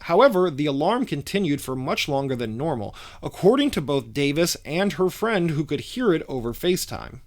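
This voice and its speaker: A man reading a scripted news report in a measured, formal way. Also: on the high side, sing-song. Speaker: reporter narrating a news story.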